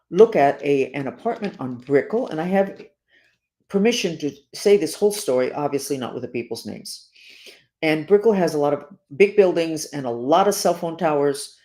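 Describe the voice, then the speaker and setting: In this monologue, a female spiritual teacher speaks to her audience with urgency and sincerity, repeating points and slowing to emphasize important words. Her pitch is low, her delivery expressive, and her tone dark.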